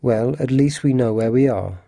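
A man's voice: mid-range voice, moderate pace, creaky, warm tone, no echo, clean studio sound. A man voicing a restless, scheming harpooner in a storybook reading, speaking urgently of escape. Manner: urgent and plotting.

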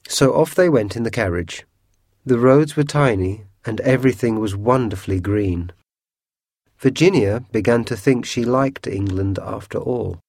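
A man narrating a storybook chapter with steady, clear storytelling. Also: mid-range voice, normal speed, no echo, clean studio sound. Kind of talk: storybook reading.

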